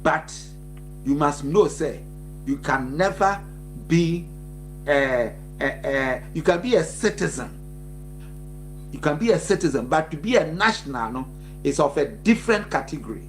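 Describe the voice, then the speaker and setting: A Ghanaian man with a slightly higher voice co-hosts a live chat show. He talks animatedly and laughs easily, moving between Twi and English. Faint music runs underneath. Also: animated, measured pace, long pauses.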